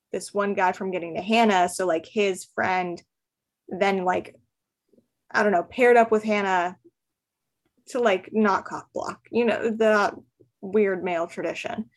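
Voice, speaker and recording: A woman's voice: mid-range voice, steady tone, a little slow. A woman recapping a romance novel in casual podcast chat, chatty and full of "like" fillers, laughing often. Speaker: podcast guest.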